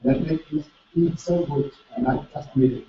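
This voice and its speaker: A man attending a seminar who speaks haltingly, searching for words. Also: fairly high pitch. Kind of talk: sharing a moment aloud. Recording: echoey hall, distant mic, dull sound.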